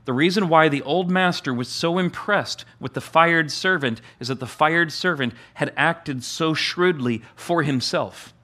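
A man's voice: a little slow, hardly any pauses, sharp tone. A man, the church's pastor, delivering a sermon in a conversational way, often restarting phrases and repeating words for emphasis. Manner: acts out the master's amused voice with a higher pitch.

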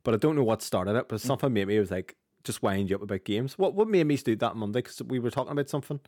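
A man's voice: mid-range voice, expressive, a little mellow, dry recording, studio quality. A man with a Northern Irish accent co-hosting a gaming podcast in casual, sweary banter. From Northern Ireland. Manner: rapid, chatty, sweary banter. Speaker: podcast co-host.

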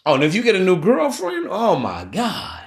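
High-voiced man ranting in street slang. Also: wildly swooping pitch, normal speed, creaky. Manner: profane, preachy, street-slang rant addressed to listeners. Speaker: podcast host. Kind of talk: solo podcast monologue.

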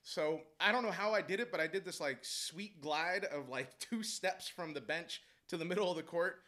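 A man telling a heated story about coaching basketball, animated and profane, laughing as he goes. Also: fairly high pitch, normal speed. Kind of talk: casual storytelling chat.

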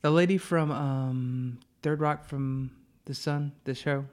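A man's voice: mid-range voice, fairly even intonation, takes it slowly, darkish tone. A man co-hosting a podcast in casual chat, hedging often and trailing off mid-thought. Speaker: podcast co-host.

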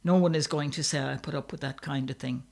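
A man voicing a rough, bullying older brother who barks commands. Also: on the high side, fairly even intonation, brisk. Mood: gruff. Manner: gruff, commanding.

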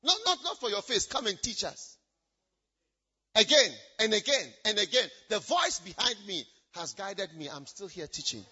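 A man preaching a sermon in a church, shouting out points and then dropping low. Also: very animated, normal speed, breathy edge, lo-fi sound. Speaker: pastor.

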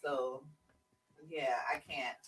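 A woman hosting a podcast in casual chat, loud and excitable, swearing freely. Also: rumbling low, drawn-out words, recorded from a distance, low-quality recording. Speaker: podcast host.

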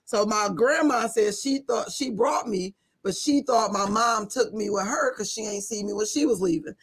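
A woman co-hosting a casual podcast, telling funny stories in an animated way and laughing through them. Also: mid-range voice, moderate pace, husky. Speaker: podcast co-host. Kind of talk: casual chat, storytelling.

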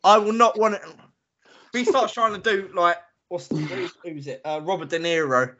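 Ranting opinionated man, bright voice. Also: sits high, moderate pace, a little hiss or hum. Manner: opinionated, ranting, laughs often. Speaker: podcast co-host. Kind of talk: casual chat. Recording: lo-fi muffled audio.

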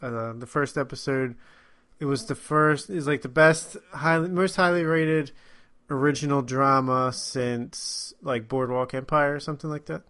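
A man's voice: mid-range voice, fairly even intonation, measured pace, a bit bright. A man co-hosting a podcast, chatting casually about movies, chuckling and trailing off as he talks. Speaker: podcast co-host.

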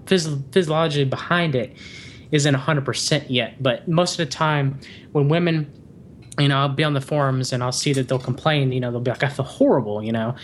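A man's voice: mid-range voice, slight background noise. A man on a podcast as a guest, explaining things in long, winding runs of casual chat.

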